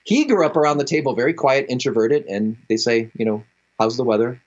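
Male radio guest, anecdotal and animated, slightly muffled sound. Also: mid-range voice, a little fast. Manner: storytelling, acts out quoted voices, laughs often. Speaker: guest speaker. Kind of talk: relaxed radio interview talk.

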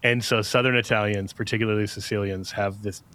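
Bright-voiced male co-host with quick quips. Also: on the low side, steady tone. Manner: quick witty asides, explains context. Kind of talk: talk show co-hosting.

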